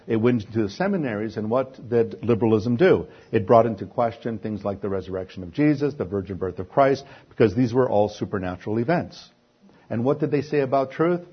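A man's voice: medium pitch, husky, muffled recording. A man preaching a sermon who poses rhetorical questions and then answers them himself.

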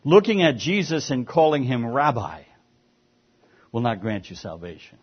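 A man's voice: mid-range voice, big pitch swings, moderate pace, husky, muffled recording. A man preaching a sermon as pastor, earnest and emphatic, sometimes stumbling over repeated words.

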